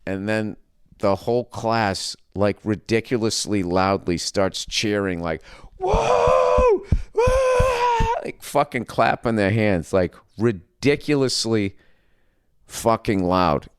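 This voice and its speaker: Boston comedian in his fifties, low smooth voice, dry close mic, animated profane storytelling. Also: slow, dry recording. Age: 50s. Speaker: comedian podcast host. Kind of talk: storytelling monologue.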